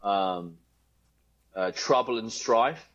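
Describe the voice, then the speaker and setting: A man's voice: fairly low pitch, slow, muffled recording. A man chatting as a podcast guest, rambling loosely, joking and swearing freely. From United Kingdom. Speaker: guest, home builder. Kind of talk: casual podcast interview.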